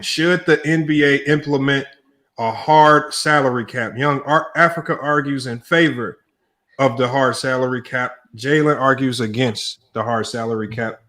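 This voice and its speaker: Relaxed slangy man hosting a debate stream. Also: medium pitch. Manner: relaxed, slangy, thinks aloud. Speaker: debate show host. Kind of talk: casual livestream chat, reading out a list.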